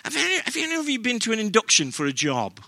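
A man's voice: very high voice, wildly swooping pitch, fast talker, pushed and bright. An older man with an English accent, preaching a sermon as pastor in an earnest, conversational way.

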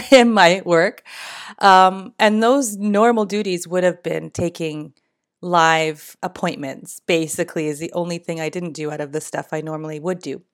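A middle-aged woman, hosting a casual solo podcast in her morning voice, chatty and rambling with frequent laughs. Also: on the low side. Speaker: podcast host.

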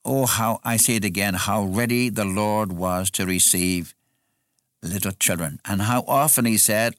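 A man's voice: on the low side, a little slow, fairly bright tone, no echo, studio quality. A man preaching an expository sermon in an earnest way, repeating phrases for emphasis.

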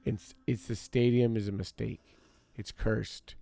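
A man's voice: fairly low pitch, little pitch movement, a little slow, vocal fry, mellow, no room sound. A man hosting his own podcast, telling a story as a casual rant, repeating himself for emphasis and talking straight to his listeners. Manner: talks straight to listeners as y'all. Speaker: podcast host.

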